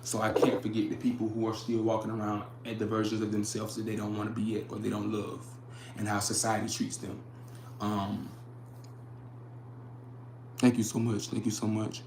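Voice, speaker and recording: A young man hosts a casual livestream, speaking earnestly in a low, level voice. He circles back, repeating phrases as he reads chat comments aloud. The sound is roomy with echo, over faint background noise. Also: completely flat delivery, moderate pace, long pauses. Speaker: livestream host.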